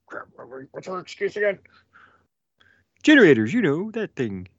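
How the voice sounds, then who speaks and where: Lively higher-voiced joking man. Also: normal speed, dry recording. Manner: joking, animated asides. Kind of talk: casual podcast chat. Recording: dull lo-fi dry recording.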